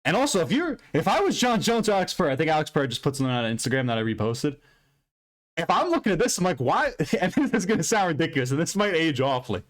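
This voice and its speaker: A man hosting an MMA recap channel, ranting loudly and profanely in an unscripted, rambling way. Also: on the high side. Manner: loud, profane, heated and emphatic; rambling with frequent restarts and fillers. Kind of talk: unscripted fight recap rant.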